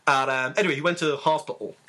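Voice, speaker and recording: A man's voice: fairly high pitch, steady tone, fast talker, pushed and bright. A man, co-hosting a casual chat and rambling through stories with fillers. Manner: rambling storyteller, lots of fillers and laughs. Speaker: podcast co-host.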